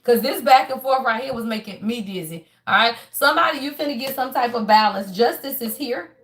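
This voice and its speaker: A woman giving a casual tarot reading to her viewers, emphatic and profane, with animated laughs and sudden shouts, tagging her sentences with y'all. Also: on the high side, fairly quick, a little hiss or hum. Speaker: tarot reader.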